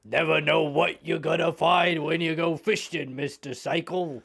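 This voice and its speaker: Game henchman: man playing a sly, mocking lanky thug, gravelly. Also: on the high side, fairly even intonation, a little slow, fairly bright tone, full character voice. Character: lanky male thug with a stun gun.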